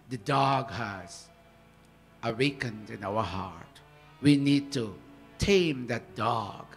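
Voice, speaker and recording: A man teaching a scripture workshop, talking in an earnest, animated devotional manner. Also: medium pitch. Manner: animated, earnest, with swells of emphasis.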